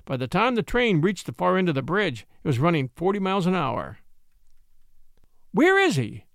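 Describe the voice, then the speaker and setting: A man reading an old-time adventure story aloud in an expressive, dramatic way. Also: sits high, brisk, gravelly, dry recording, studio quality. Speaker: audiobook reader.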